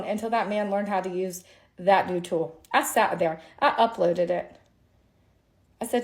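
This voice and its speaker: A woman's voice: medium pitch, unhurried. A woman tax attorney rants straight to camera, her voice sitting in an ordinary middle register. She is exasperated and sarcastic, leaning hard on each point. She sounds worn out after a full day of work. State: tired at the end of a long day. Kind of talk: ranting story monologue to camera.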